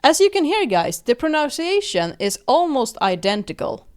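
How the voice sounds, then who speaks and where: A young adult woman with a Swedish accent hosting a language lesson, slowly repeating words for listeners to practise and addressing them in a friendly way. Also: high voice, very animated, a little mellow. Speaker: language teacher and podcast host. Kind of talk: slow, clear language lesson.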